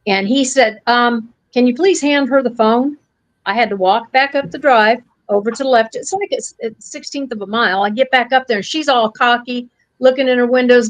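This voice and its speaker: A woman's voice: fairly high pitch, steady tone, brisk, no room sound, low-quality recording. An American woman co-hosting a podcast, telling a story in a blunt, folksy way and acting out the voices of the people in it. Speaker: podcast co-host. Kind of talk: casual storytelling chat.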